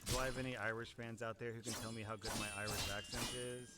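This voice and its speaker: A young man reading online stories aloud, adding sarcastic, animated asides between them. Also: medium pitch, fast talker, a crowd in the background. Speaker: Reddit story narrator. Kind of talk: reading online posts with commentary.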